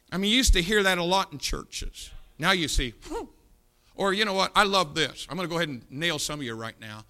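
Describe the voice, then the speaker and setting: A middle-aged male pastor, preaching a fiery sermon in a blunt, scolding way, swinging from shouts to low asides in a church auditorium. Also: lively intonation, a little fast.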